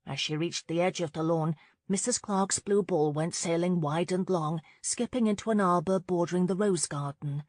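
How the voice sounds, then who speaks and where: A woman narrating a romance audiobook in a measured, expressive reading on a close studio mic. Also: fairly low pitch, dry recording. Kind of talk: scripted narration.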